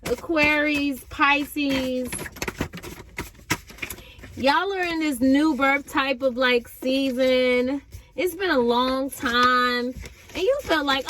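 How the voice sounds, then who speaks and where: High-voiced amped woman reading tarot. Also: slow, a bit bright, slight background noise. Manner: high-energy, amped, slangy and chatty. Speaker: tarot reader. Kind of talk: casual tarot reading to viewers.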